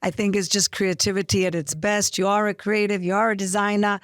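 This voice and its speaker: A woman's voice: mid-range voice, little pitch movement, a little fast, dry recording. A woman co-hosting an interview show, speaking in an encouraging, appreciative way. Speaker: co-host.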